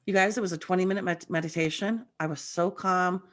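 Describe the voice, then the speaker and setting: On a video call, a woman appearing as a guest medium chats casually, spinning stories in a lively, talkative way. Her voice sits lowish, a little rough from the morning, and she speaks fast.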